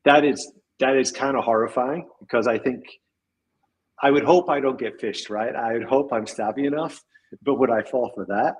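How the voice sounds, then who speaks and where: Husky man musing reflectively. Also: medium pitch, normal speed, low-quality recording. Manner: reflective, trails off, chuckles while speaking. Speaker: podcast guest. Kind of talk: casual chat.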